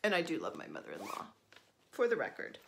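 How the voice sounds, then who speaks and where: A woman's voice: sits low, huge pitch swings, quick pace, vocal fry, a little hiss or hum. A middle-aged woman from New Jersey chatting casually while she stitches, rambling and poking fun at herself, with lots of ums. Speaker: stitching vlogger.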